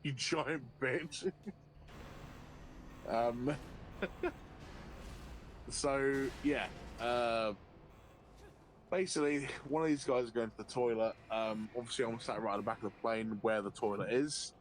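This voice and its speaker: A man streaming a game, telling a long anecdote in a profane, animated way and often laughing. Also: mid-range voice, a little slow, pauses often, slight background noise. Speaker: livestreamer. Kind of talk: casual storytelling while gaming.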